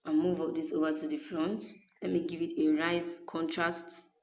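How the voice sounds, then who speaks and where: Mellow-voiced woman teaching design. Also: low-pitched, little pitch movement, normal speed. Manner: patient, repeatedly checks in with "okay?". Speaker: graphic design tutor. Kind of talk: screen-recorded design tutorial. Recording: dull lo-fi recording.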